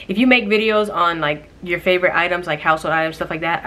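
A woman's voice: fairly low pitch, quick pace, few pauses. A young woman vlogging on her phone, chatting about errands and ranting animatedly about a delivery mix-up. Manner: chatty, animated storytelling with exasperated outbursts. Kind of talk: casual vlog chatter. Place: home, then out running errands. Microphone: phone camera. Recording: clear background music.

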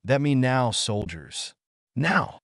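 A man's voice: mid-range voice, expressive, normal speed, a little mellow, no room sound, clean studio sound, close to an everyday voice. A man voicing a male drill-sergeant camp cook who roars orders at campers. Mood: barking. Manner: roaring orders.

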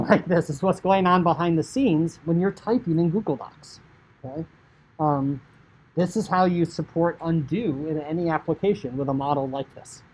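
A man teaching high school computer science, talking casually through code on screen, often saying "like" and acting out what a user might think. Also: darkish tone, a little hiss or hum, rough recording. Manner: chatty, filler "like", acts out inner thoughts. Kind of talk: casual coding screencast lecture.

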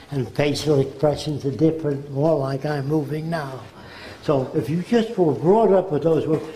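A man's voice: on the high side, warm tone. An older man from the United States giving an earnest public lecture in a hall. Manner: earnest, lecturing, slips into quick impressions. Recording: echoey hall.

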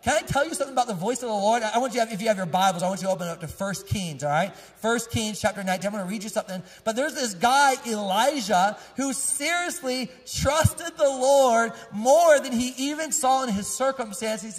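A male pastor with a high, husky voice tells casual, joking stories from the pulpit and laughs easily along the way. His voice carries through a church sanctuary with a long, lingering echo. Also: quick pace, hardly any pauses. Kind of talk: storytelling sermon.

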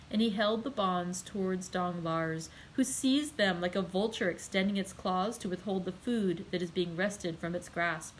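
A woman, a librarian, reading a classic novel aloud in a measured, clear way. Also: fairly low pitch, slight background noise, low-quality recording. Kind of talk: audiobook read-aloud.

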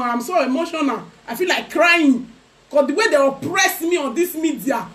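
Nigerian woman vlogger, super high voice, teasing sing-song gossip rant. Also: fairly bright tone. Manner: taunting, sing-song, breaks into laughs. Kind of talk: mocking commentary rant.

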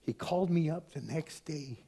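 A man's voice: on the high side, normal speed, vocal fry, warm tone, breathy edge. An older man, a pastor giving a sermon in a conversational, storytelling way.

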